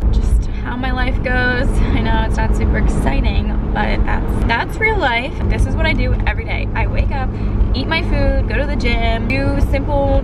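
Chatty young woman vlogging on camera. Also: fairly high pitch. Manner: chatty, lots of "like" and "I guess". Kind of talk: casual vlog chat. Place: home, then a parked car. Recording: noisy handheld camera audio.

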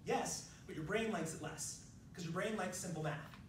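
A man's voice: sits high, moderate pace. A man presenting a music education workshop, explaining step by step and demonstrating on piano. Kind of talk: workshop lecture. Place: large room at a professional development session. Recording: echoey room, distant mic, piano.

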